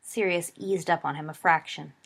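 A woman narrating a story aloud in an expressive storytelling read. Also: lowish voice, normal speed, creaky. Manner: expressive, shifts voice for dialogue. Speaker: audiobook narrator.

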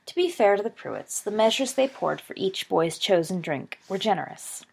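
A woman's voice: medium pitch, very animated, moderate pace, gravelly, a little mellow, slightly rough. A woman reading a fan fiction story aloud as narrator.

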